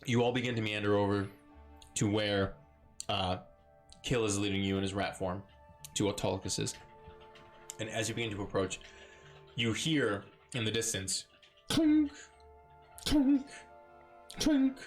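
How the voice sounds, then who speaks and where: A man's voice: fairly low pitch, flat delivery, normal speed, pauses often, faint music behind. Playful laughing man running a tabletop game. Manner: playful, laughs often, loose rambling narration. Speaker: dungeon master. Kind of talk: narrating a live-play tabletop game.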